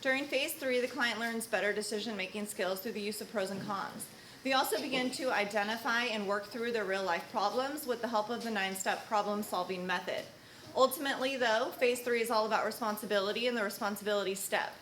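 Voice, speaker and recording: A woman's voice: medium pitch, fairly quick, a bit bright. A woman hosting a graduation ceremony at a treatment center, announcing upbeat and rallying the audience. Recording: echoey room with background noise.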